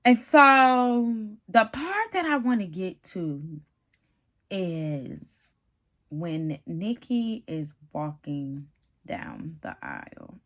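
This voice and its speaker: A woman giving a casual, animated reality-TV recap, chatty and calling the viewer "honey" and "baby". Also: on the low side, extremely slow. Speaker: TV show reviewer.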